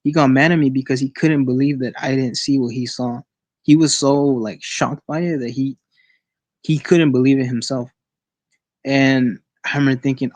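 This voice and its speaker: A man sharing a personal experience as a guest on an online call, in a casual, halting way with many restarts and repeated words. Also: medium pitch, fairly even intonation, a little mellow, no room sound.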